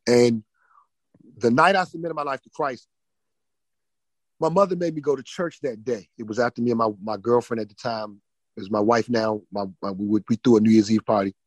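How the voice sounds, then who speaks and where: A man on a podcast telling an emotional personal testimony, often restarting and repeating words, swinging between loud and hushed. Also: mid-range voice, fairly even intonation, fairly quick, no echo, low-quality recording. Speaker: podcast guest.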